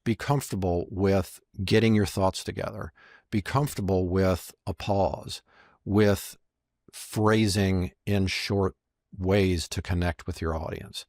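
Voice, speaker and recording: A man's voice: deep voice, takes it slowly, dry recording, clean studio sound. A man, a magician and marketing strategist, telling stories as a podcast guest and acting out the lines he quotes. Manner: lively storyteller who acts out quoted lines. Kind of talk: podcast interview storytelling.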